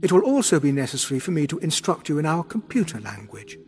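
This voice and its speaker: Guy putting on a calm alien lady minister, clear pleasant voice, bit smug. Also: on the high side, fast. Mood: placid. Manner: calm, placid, faintly complacent. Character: calm, placid alien woman minister in human form.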